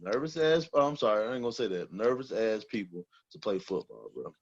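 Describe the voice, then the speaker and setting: A man's voice: fairly low pitch, big pitch swings, fast, no echo. A man on a casual sports talk show, speaking bluntly with lots of swearing. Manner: blunt, profane, heated. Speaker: co-host. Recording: dull, dry sound.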